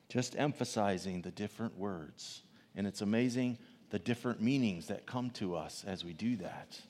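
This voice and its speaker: A man preaching a sermon, swinging from loud emphatic questions to soft, low asides. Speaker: pastor. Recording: long reverb of a large hall.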